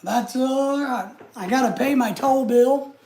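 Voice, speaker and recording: A man's voice: extremely high pitch, unhurried, dark tone. A man hosting a live stream, chatting casually and answering viewer comments in an easygoing way. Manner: easygoing, chatty, talks straight to the chat.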